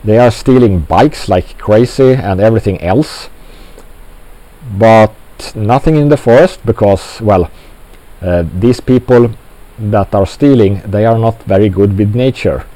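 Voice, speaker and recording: Slow, mellow-voiced man rambling on. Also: lowish voice, no room sound, poor audio. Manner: slow, halting delivery with many fillers. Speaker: commentator. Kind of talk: rambling monologue commentary.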